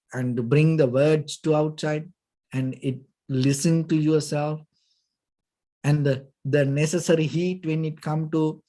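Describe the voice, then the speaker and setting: Monk doing a dhamma talk, kinda high voice, really slow, lots of "you know" and pauses. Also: male voice, dark tone. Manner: halting, searching for words, frequent "you know". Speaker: Buddhist monk teaching meditation.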